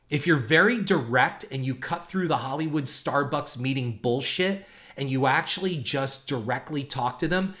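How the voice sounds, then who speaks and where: A man's voice: on the high side, sharp tone. A man hosting a podcast, telling industry stories in a blunt, profane monologue. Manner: blunt, profane, storytelling with quoted exchanges. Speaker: podcast host and filmmaker.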